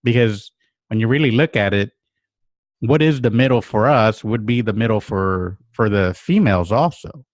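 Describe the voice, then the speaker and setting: Low-voiced man musing on a podcast. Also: lively intonation, normal speed, no room sound. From United States. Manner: musing, thinks aloud with restarts and acted-out inner quotes. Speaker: podcast host. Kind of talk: casual reflective chat.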